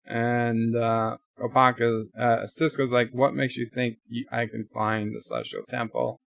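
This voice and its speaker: Slow, dry-voiced man retelling a show. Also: mid-range voice, flat delivery, gravelly, a bit bright, no echo. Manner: casual plot retelling with quoted lines and asides. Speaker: show reviewer. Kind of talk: live reaction commentary.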